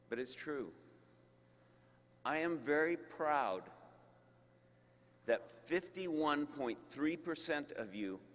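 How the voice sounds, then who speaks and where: A man giving a commencement speech to graduates as a university leader, slow and emphatic with deliberate pauses. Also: on the high side, a bit bright. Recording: long reverb of a large hall.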